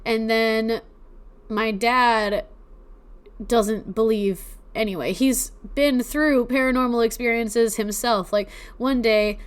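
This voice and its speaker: A young woman telling her own paranormal stories on a podcast in a casual, chatty way, her voice smooth and resonant. She sounds teary-eyed and emotional, and she leans on fillers as she talks. Her pitch sits a little higher than most women's. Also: steady tone, slow. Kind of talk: casual personal storytelling.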